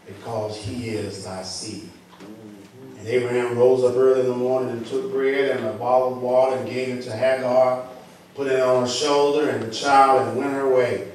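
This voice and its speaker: A male pastor with a Southern US accent, reading scripture slowly and then preaching with rising emphasis in a church. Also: mid-range voice, fairly even intonation, a little mellow, a little hiss or hum. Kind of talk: sermon. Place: church sanctuary. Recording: echoey hall, distant mic.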